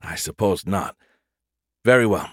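A man's voice: low voice, expressive, a little slow, fairly bright tone, slightly rough, dry recording, clean studio sound, full character voice. A man playing a senior colonel giving terse, matter-of-fact orders aboard a ship. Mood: terse command. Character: gruff male senior colonel commanding a ship.

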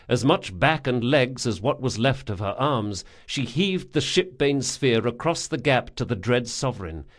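A man reads a fantasy novel aloud in a steady, dramatic narration. His voice sits in an ordinary middle register, with measured pacing through the action. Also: medium pitch. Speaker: audiobook narrator.

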